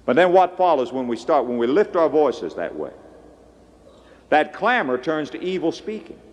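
A man preaches with a lively, swooping voice that drops to a hush and then leaps up high. His tone sits a bit higher than most men's. The sound rings with the long reverb of a big hall. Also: normal speed. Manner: dramatic preaching with sudden swings between hushed and loud. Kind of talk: sermon. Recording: long echo of a large hall.

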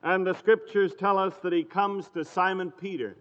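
High-voiced preacher in a reverberant hall. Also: male voice, steady tone, a bit bright. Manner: measured storytelling, reads scripture in old-fashioned phrasing. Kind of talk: sermon. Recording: dull lo-fi recording in a reverberant hall.

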